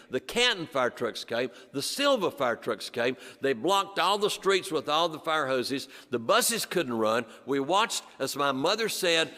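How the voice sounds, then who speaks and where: An older man tells a story before a church audience. His voice sits in a middle register and leans on rhythmic repetitions that fall low and quiet on the refrains. The recording carries the long reverb of a large church. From western North Carolina. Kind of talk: storytelling performance.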